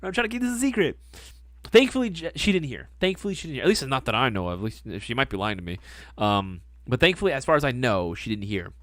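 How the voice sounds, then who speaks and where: A man hosting a livestream, chatting casually and rambling through stories with lots of swearing and excited gushing. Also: medium pitch, fast, no room sound, studio quality. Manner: profane, rambling storyteller; excitable, gushing about hobbies. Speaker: livestream host.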